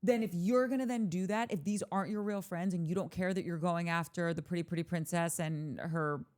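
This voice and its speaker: A woman's voice: fairly low pitch, steady tone, a little fast, a little mellow. A woman co-hosting a podcast, chatting casually and opinionated, with lots of "like" fillers. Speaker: podcast co-host. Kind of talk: casual chat.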